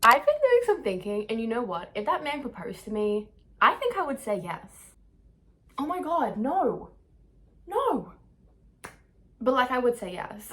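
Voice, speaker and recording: A woman's voice: on the high side, sing-song, measured pace, long pauses, fairly bright tone. A young woman talking in a casual confessional vlog, rambling and emotional, mocking herself and breaking into laughs, standing a little away from the camera. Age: young adult. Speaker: vlogger. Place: indoor room. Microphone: camera some distance away. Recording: echoey room, camera away.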